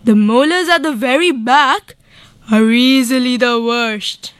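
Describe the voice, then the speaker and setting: A girl voicing a cunning male crocodile in a recited storybook poem, speaking slowly and slyly. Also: a little high, fairly bright tone, no room sound.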